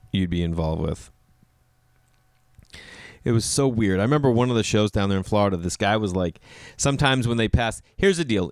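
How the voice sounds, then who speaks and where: A man's voice: on the low side, no room sound, clean studio sound. A man who does stand-up, telling funny stories in a casual podcast monologue. He says "like" a lot and acts out other people's lines. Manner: animated, leans on "like", acts out other people's lines in raised voices. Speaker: stand-up comedian and podcast host. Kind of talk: casual comedic storytelling monologue.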